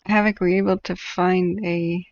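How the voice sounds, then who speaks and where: A woman's voice: on the low side, flat delivery, moderate pace, no echo. Rambling woman host laughing through her stories, dry and a bit muffled. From northern California. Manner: rambling storyteller, laughs often. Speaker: livestream host. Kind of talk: casual chat while tracking wildfires.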